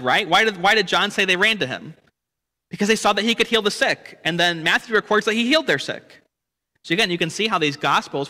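A man's voice: fairly high pitch, sharp tone, in a large hall. A man leading a church Bible study lesson, explaining the text and asking rhetorical questions with frequent "right?". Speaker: Bible teacher.

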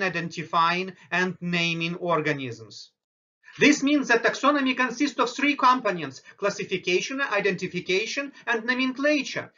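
High, bright-voiced male biology lecturer. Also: lo-fi sound. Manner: explanatory, slow and deliberate on terms. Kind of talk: recorded lecture over slides.

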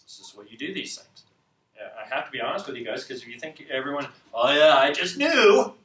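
A man hosting a ministry show, telling a story in an animated, excitable way and acting out the scenes. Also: mid-range voice, quick pace. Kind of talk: storytelling teaching talk. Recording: echoey room, distant mic.

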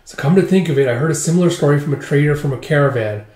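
A man's voice: a little high, racing, a little mellow. Rambling man with a roomy echo. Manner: rambling, full of "it's like" and "just, like". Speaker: manga reviewer. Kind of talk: casual recap vlog.

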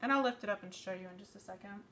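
A woman in her thirties chats her way through a live cooking demo in her home kitchen, with a middle-pitched voice that sounds a little worn. She rambles and often corrects herself mid-sentence. A faint noise sits under her voice. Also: rapid-fire, a bit bright. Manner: chatty, rambling, with frequent self-corrections. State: voice slightly worn. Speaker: home cook hosting a live cooking stream. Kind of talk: live cooking demonstration, casual chat.

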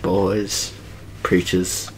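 A man's voice: deep voice, little pitch movement, drawn-out words, low-quality recording. A young man in crude chat with friends, joking, blurting short quips and laughing between his lines. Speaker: co-host.

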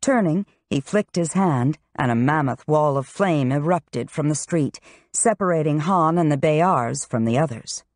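A woman reading a fantasy novel aloud in steady, scripted narration. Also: sits low, measured pace, dry recording, clean studio sound. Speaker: audiobook narrator.

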